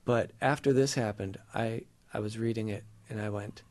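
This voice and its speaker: A middle-aged man telling an earnest, emotional faith story in conversation, pausing and halting as he goes. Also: lowish voice, vocal fry, darkish tone, no room sound. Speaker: guest sharing a personal faith story. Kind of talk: conversational testimony.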